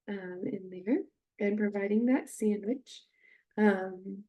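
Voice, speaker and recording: A woman with a mellow, gravelly voice talks slowly through an instructional demonstration. She hesitates often with fillers, then models short phrases with drawn-out, heavily stressed words. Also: mid-range voice. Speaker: speech therapy instructor.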